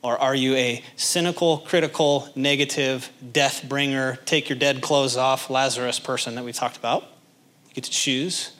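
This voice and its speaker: Animated man preaching a sermon. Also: mid-range voice, normal speed. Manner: animated, acts out little scenes in character voices; addresses the congregation directly with questions. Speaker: pastor.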